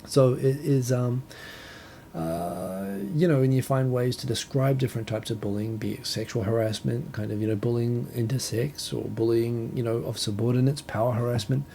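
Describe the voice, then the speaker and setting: Kiwi guy rambling on his talk show, low gravelly voice, faint rumble behind. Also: steady tone, normal speed, mellow. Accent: New Zealand. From New Zealand. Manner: rambling, self-correcting, chuckling asides. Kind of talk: casual solo talk show chat. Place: home, Tokyo.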